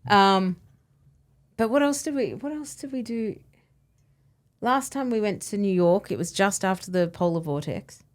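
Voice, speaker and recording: An Australian woman chatting casually as a podcast guest, easygoing and quick to laugh. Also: medium pitch. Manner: easygoing, laughs often, lots of "mm".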